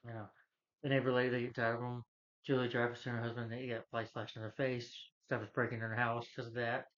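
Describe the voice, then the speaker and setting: A man's voice: medium pitch, little pitch movement, quick pace, fairly bright tone. A young man casually recapping a movie, rambling with lots of "you know" fillers. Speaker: movie reviewer. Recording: slightly dull lo-fi recording.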